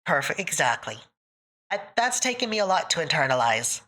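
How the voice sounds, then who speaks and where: A woman's voice: deep voice, big pitch swings, moderate pace, bright, forceful tone. A woman streamer chatting with her live audience, emotional and close to tears, laughing often between thank-yous. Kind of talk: casual live-stream chat.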